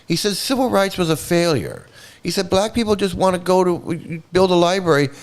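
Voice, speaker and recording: A man's voice: high voice, sing-song, moderate pace. A man hosting a livestream, ranting angrily and sarcastically, with a lot of swearing. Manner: angry, sarcastic, heavy swearing. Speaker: host. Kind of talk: profane ranting livestream commentary.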